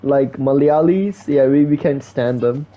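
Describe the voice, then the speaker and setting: A man's voice: mid-range voice, measured pace, faint music behind. Slangy young man streaming games, lo-fi. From India. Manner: slangy, profane, joking, lots of "like" and "bro". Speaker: game streamer. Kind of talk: casual gaming stream chat. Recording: dull lo-fi stream audio.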